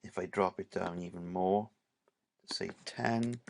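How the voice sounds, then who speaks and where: A male teacher, giving a casual screen-recorded software tutorial and leaning on "right" and "obviously". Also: low-pitched, steady tone, takes it slowly, gravelly, slight background noise.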